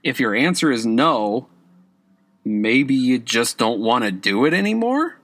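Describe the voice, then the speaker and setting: A man's voice: medium pitch, very animated, measured pace, fairly bright tone, no echo. A man hosting a podcast who gives casual exam-prep advice, often checking in with "okay?" and leaning hard on key words. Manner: conversational, repeats "okay?" to check in with listeners; stresses key words with emphatic rises. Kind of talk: casual instructional podcast talk.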